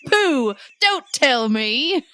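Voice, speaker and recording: A woman's voice: high voice, very animated, drawn-out words, sharp tone, no room sound, pitched above the performer's own voice, exaggerated voice. A woman voicing a nosy, gossipy male servant in an exaggerated put-on accent, reading a play on a podcast with pompous, prying monologues.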